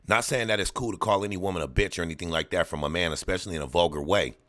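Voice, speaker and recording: A man's voice: low voice, very fast, a bit bright. A man hosting a reaction video, giving casual, preachy commentary and mocking people in put-on voices.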